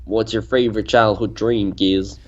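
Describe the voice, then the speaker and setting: A man co-hosting a casual livestream, animated and teasing. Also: lowish voice, moderate pace, muffled recording. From Spain. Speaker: livestream co-host.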